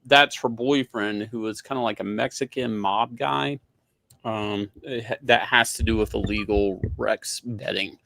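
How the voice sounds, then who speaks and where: Brief: hesitant male co-host, low gravelly voice, dry sound. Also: steady tone, a little slow, fairly bright tone, no room sound. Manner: hesitant, many fillers. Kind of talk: casual chat.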